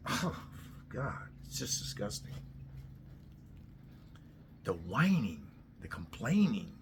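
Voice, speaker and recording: A man delivering a blunt, profane ranting monologue that keeps flaring into loud outbursts. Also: fairly low pitch, very animated, takes it slowly, a little hiss or hum. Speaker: host.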